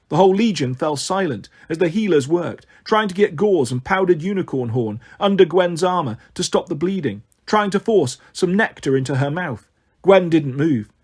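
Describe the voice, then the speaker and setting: A man narrating an adventure novel in a measured, expressive reading voice. His voice sits a little high for a man. He paces the action steadily. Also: slightly rough. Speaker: audiobook narrator. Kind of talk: storytelling narration.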